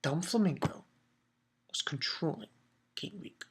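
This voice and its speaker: A man talks through a comic chapter in a casual solo review. His voice is bright and a little sharp. He rambles in an animated way, cursing freely and breaking off mid-sentence to start again. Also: fairly high pitch, measured pace, husky. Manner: animated rambling with frequent swearing and restarts. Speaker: manga reviewer.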